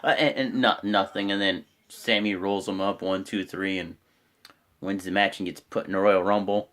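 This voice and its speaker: A man giving a casual, rambling recap of a wrestling show, excitable and swearing freely. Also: lowish voice, moderate pace.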